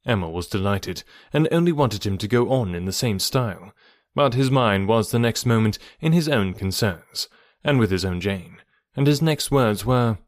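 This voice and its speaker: A man's voice: fairly low pitch, expressive, moderate pace, no room sound. Man narrating a classic novel, dry. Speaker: audiobook narrator. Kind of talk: scripted narration.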